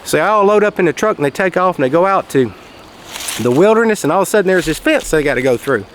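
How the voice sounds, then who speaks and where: A man telling a folksy story outdoors in a casual monologue, raising his voice for quoted shouts. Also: high voice, animated, fast, a little hiss or hum. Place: outdoors, quiet spot near traffic.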